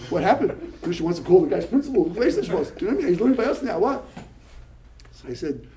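A male rabbi giving an animated talk to yeshiva students, telling stories, mixing Hebrew and Yiddish words into English, and often repeating words when he gets excited. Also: sits high, fast talker, slight background noise, poor audio.

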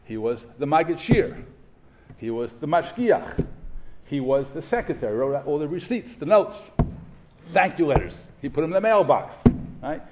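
A man's voice: on the high side, noisy background. A middle-aged man giving a sermon to a yeshiva audience, emphatic, asking rhetorical questions and mixing in Hebrew terms. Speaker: rabbi giving a memorial talk.

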